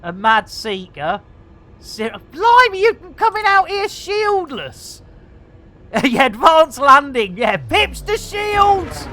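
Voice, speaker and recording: A woman streaming a space game, chatting excitedly to her guests, often laughing and exclaiming at her own mistakes. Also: on the high side, slight background noise. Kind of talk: live gameplay commentary.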